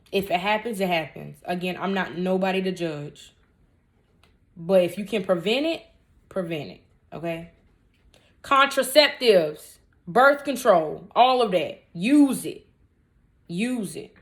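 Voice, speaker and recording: A woman in her twenties, a vlogger answering viewer questions in a casual storytime Q&A, candid and emphatic, with blunt talk and joking asides. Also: mid-range voice. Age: 20s.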